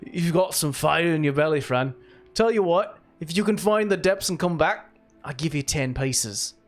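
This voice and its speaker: A man voicing a loud, blunt male dwarf in a tabletop game who shouts and swears. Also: on the high side, animated, normal speed, pitched above the performer's own voice. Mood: gruff.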